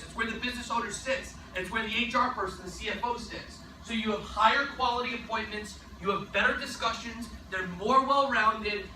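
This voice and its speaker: A man giving a sales training talk, energetic and emphatic, often tossing in a rhetorical "right?". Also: high voice, roomy sound, far from the mic, slight background noise, rough recording.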